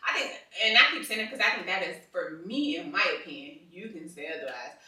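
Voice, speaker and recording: A woman co-hosting a casual chat with her husband, talking animatedly in slang and getting louder as she gets into a topic. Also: fairly low pitch, fast talker, very echoey, distant mic, poor audio. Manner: animated, slangy, gets loud when passionate. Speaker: podcast co-host.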